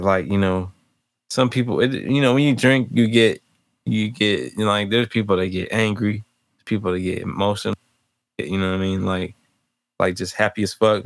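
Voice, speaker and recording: A man's voice: lowish voice, no room sound. A man co-hosting a casual podcast, talking in a rambling, reflective way, often laughing and filling gaps with "you know what I mean". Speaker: podcast co-host. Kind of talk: casual chat.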